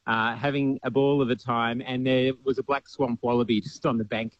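An Australian man calls in over a dull, lo-fi line, talking in a relaxed, colloquial way. His pitch sits in the middle. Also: moderate pace, dry recording. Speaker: caller.

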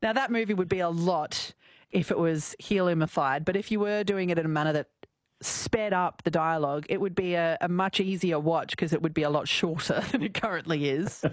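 A woman's voice: on the low side, brisk, no echo, studio quality. A woman hosting a radio show, chatting playfully and laughing often. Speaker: radio host. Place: radio studio. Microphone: studio microphone.

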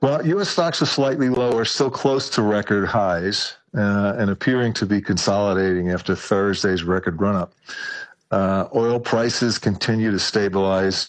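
A man with a very low voice gives a market report as a financial advisor. He pauses often with fillers. The sound is dry. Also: dry recording. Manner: hesitant, many fillers.

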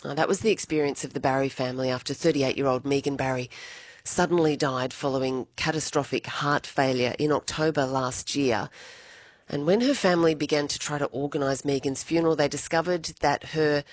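An Australian woman presenting live breakfast radio, chatty and brisk, reading the weather and introducing stories in a studio. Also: low voice, steady tone, no echo. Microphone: studio microphone.

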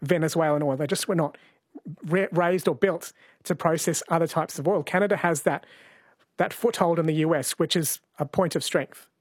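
A man hosting a radio interview in a measured, conversational way. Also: on the high side, no room sound, studio quality. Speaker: radio show host.

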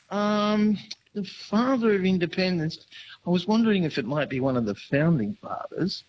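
A man's voice: high-pitched, big pitch swings, moderate pace. A man calling in to a radio quiz, rambling and hesitant as he thinks aloud. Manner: rambling, hesitant, full of ums. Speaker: caller. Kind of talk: casual phone-in chat. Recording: dull phone line with faint noise.

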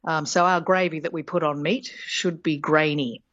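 A woman's voice: low-pitched, steady tone, normal speed, fairly bright tone, dry recording, dull audio. A woman, a linguistics professor, explains words on a radio show in a chatty way, with fillers and little laughs. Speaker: linguistics professor, guest expert.

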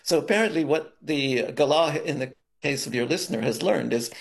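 Gravelly man explaining research. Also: fairly high pitch, a little fast, hardly any pauses. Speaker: expert guest.

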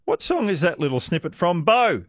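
A man's voice: high-pitched, huge pitch swings, normal speed, loud music behind the voice. A man hosting a radio quiz with callers, chatty and self-deprecating, laughing often. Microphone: studio microphone.

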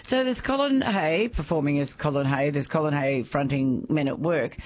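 A radio host interviewing a guest in the studio, chatty and enthusiastic. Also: female voice, low-pitched, normal speed, a little mellow, slight background noise.

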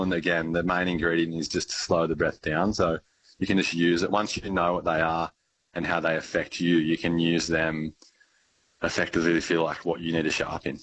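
A man, a breathwork teacher, explaining calmly and casually with frequent fillers. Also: sits low, a little fast, rough recording. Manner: calm, easygoing, with many fillers. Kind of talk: conversational explanation.

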